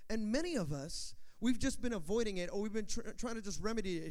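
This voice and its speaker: A man's voice: high-pitched, animated, fast, few pauses, a little mellow. A man pastor preaching a sermon in a church, emphatic and repetitive, putting questions to the congregation. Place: church sanctuary. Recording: long hall reverb.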